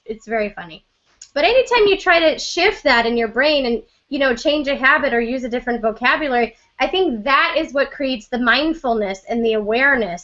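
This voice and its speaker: A woman's voice: high-pitched, pushed and bright, dull audio. A woman hosting a casual conversation, reflective and chatty, with lots of "you know" fillers. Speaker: host.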